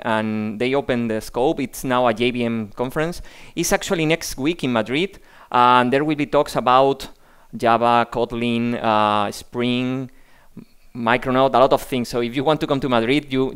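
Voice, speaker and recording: A man from Spain giving a tech conference talk in a halting way, often repeating words. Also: mid-range voice, a bit bright, smooth. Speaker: conference speaker.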